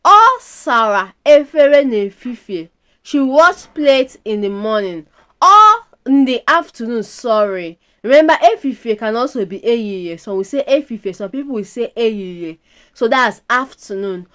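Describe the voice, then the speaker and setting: A woman with a background teaching a language lesson, repeating each word several times in a deliberate drill. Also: high-pitched, lively intonation.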